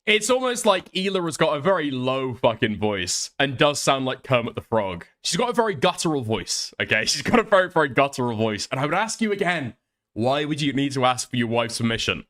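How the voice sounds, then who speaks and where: A man's voice: medium pitch, sing-song, fairly quick, a bit bright. A man hosting a commentary stream, rambling and swearing with laughing asides. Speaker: streamer host.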